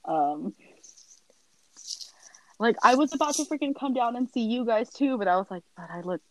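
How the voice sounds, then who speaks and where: A young woman, a podcast guest, chatting casually and telling animated stories, acting out her family's lines. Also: on the high side, moderate pace, low-quality recording. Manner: animated storyteller, acts out family quotes, sighs and laughs often.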